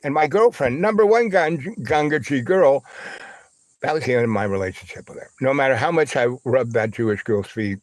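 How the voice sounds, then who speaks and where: A man hosting a livestream spins a long, winding anecdote, piling up fillers and asides. His voice sits at a middling pitch, and the recording is dry and close. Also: animated, a little fast, no room sound. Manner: rambling storyteller, full of fillers and asides; acts out other voices with big high squeals. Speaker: livestream host. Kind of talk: rambling anecdote.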